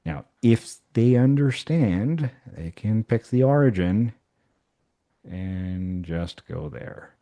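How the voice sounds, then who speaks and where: A man's voice: fairly low pitch, lively intonation, takes it slowly, warm tone. A man who teaches math, walking colleagues through an online activity in a casual way, thinking aloud with fillers and restarts. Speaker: math instructor. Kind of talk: workshop software demonstration.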